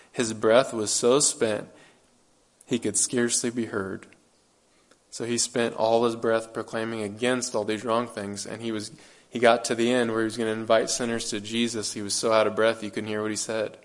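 A man's voice: lowish voice, little pitch movement, moderate pace. A man preaching a sermon, earnest and emphatic, repeating phrases and asking his listeners rhetorical questions.

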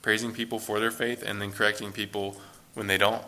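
Man, Bible teacher, conversational teaching, steady flat delivery, bright tone, thinks aloud. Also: on the low side, fairly quick. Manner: loose, thinking aloud with many "like"s.

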